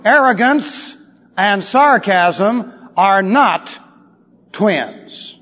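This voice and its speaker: Lively high-voiced preacher in a hall. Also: male voice. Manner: wry, lively, drops to sly asides. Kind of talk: expository sermon. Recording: dull recording in a large reverberant hall.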